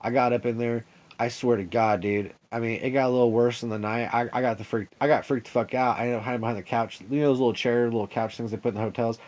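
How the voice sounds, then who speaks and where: A man's voice: mid-range voice, steady tone, fast, a little mellow. A man telling a rambling, profane story straight to camera in a vlog, agitated and paranoid, full of "dude" and "like" and restarts.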